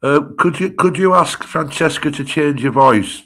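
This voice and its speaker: A man's voice: fairly high pitch, moderate pace, fairly bright tone. A man, heckling bluntly and swearing heavily during a stream. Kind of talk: casual stream banter.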